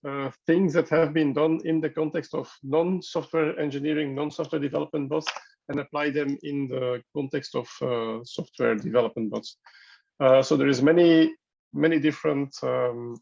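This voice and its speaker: A man moderating an open discussion at an online workshop, talking in a halting way as he thinks aloud over video call audio. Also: a little high, creaky, darkish tone, muffled recording.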